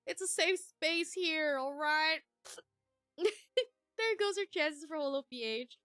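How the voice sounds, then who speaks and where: Giggly, rambling woman streamer with a bright voice, quiet music underneath. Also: sits high, takes it slowly, no echo, clean studio sound. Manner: giggly, rambling with many fillers. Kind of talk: casual livestream chat, reading chat aloud.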